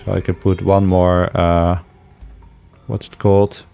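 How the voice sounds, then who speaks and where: A man's voice: low voice, level tone, unhurried, vocal fry, dark tone, faint music behind. A man giving casual let's-play commentary, thinking aloud with hesitations and frequent chuckles. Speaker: game streamer.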